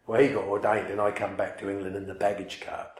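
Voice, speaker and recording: Low-voiced guy rambling through a story, pokes fun at himself, echoey room. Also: level tone, fast. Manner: rambling, self-mocking, many fillers and restarts. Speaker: speaker telling a personal story to listeners. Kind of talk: casual storytelling talk.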